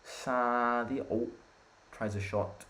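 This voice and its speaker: A young Italian man hosting a live football watchalong, chatting with viewers and reacting loudly to the play. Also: on the low side, expressive, moderate pace. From Italy. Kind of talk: live match watchalong commentary.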